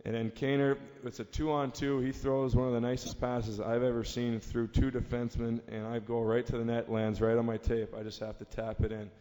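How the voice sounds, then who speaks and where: A man, a team captain on a fan panel, telling a lively anecdote, laughing and acting out the shouting. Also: medium pitch, brisk, hardly any pauses. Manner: lively storyteller, laughs at own story, acts out yelling. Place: stage in a large convention hall. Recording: reverberant hall with ambient noise.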